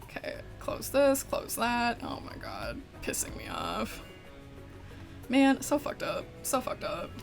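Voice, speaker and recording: A woman's voice: a little high, wildly swooping pitch, slow pace, creaky, soft background music. A woman streaming a game, chatting casually and swearing in frustration at her crashing computer.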